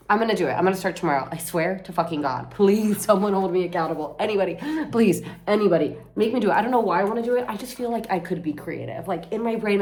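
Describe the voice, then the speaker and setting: A young woman from Florida venting casually to her camera, rambling and swearing, mocking herself and jumping into loud high outbursts. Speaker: vlogger.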